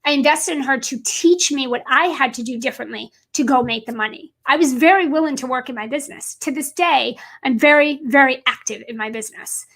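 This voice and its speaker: A woman's voice: sits high, a little fast, few pauses, a bit bright. A woman business coach giving an earnest, emphatic motivational talk on a livestream, repeating points for stress.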